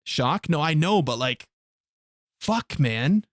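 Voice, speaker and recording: A man's voice: fairly high pitch, animated, takes it slowly, dry recording, studio quality. A man streaming a game live, chatting casually with his viewers in blunt, heavily profane rants. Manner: blunt, profane ranting to chat.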